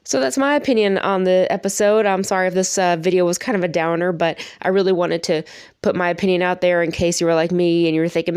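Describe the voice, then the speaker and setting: A woman talks through a TV episode in a casual, chatty review, openly emotional and laughing often. Her voice sits a bit low, and the recording is dry and close. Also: fairly even intonation, fast, a little mellow, clean tone, no echo.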